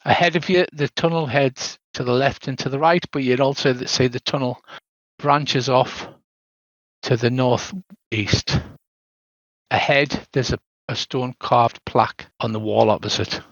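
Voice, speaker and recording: A man's voice: medium pitch, a little slow, gravelly, a bit bright, no room sound. Older british man, game master, narrating, dry dull lo-fi sound.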